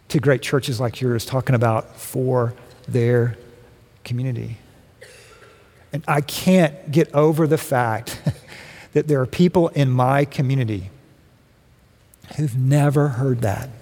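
A middle-aged man preaching a sermon in a church, telling a personal story in a relaxed, joking way. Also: mid-range voice. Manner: conversational storytelling with humor. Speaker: guest speaker. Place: church sanctuary. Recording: long reverb of a large hall.

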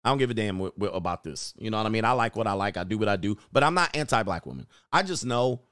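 A man's voice: fairly low pitch, lively intonation, quick pace, fairly bright tone, clear, resonant tone, no room sound, studio quality. A middle-aged man hosting casual commentary, slangy and preachy, with laughing asides. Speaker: host.

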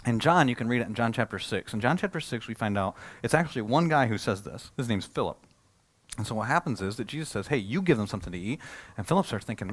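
A male pastor preaching a sermon, who climbs in pitch and force for emphasis, drops low for asides and acts out quoted speakers. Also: lively intonation, fast talker.

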